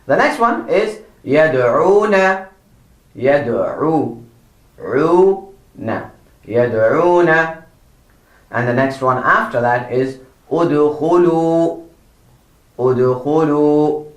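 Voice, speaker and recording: Slow, patient man teaching pronunciation. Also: a little high, animated, roomy sound. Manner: drawn-out model words, repeated corrections, encouraging praise. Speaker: Quran recitation teacher.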